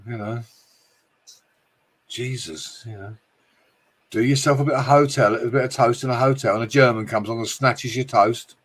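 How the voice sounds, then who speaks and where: A man's voice: mid-range voice, fairly even intonation, normal speed, pauses often. A British man hosting a casual livestream, greeting chat viewers and joking with frequent swearing and laughter. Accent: British English. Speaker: livestream host reading chat.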